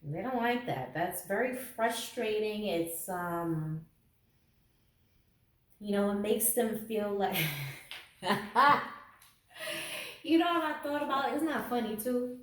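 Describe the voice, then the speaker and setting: A woman's voice: mid-range voice, takes it slowly, pauses often. A woman giving a casual tarot reading to camera, sarcastic and laughing often. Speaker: tarot reader. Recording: echoey room, mic at a distance.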